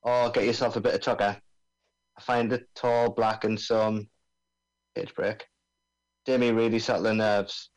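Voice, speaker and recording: A man's voice: fairly low pitch, flat delivery, a little slow, pauses often, natural voice, poor audio. A man doing a put-on Australian accent, voicing a brash male bomb-disposal expert full of slang at an amateur table read over a video call. He is breezy and stumbles over the technical jargon.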